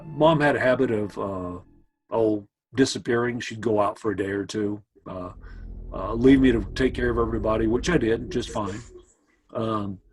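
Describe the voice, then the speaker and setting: A man's voice: fairly low pitch, poor audio. A man casually telling his brother old family stories, meandering with asides to his listener. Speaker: family storyteller. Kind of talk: casual spoken storytelling.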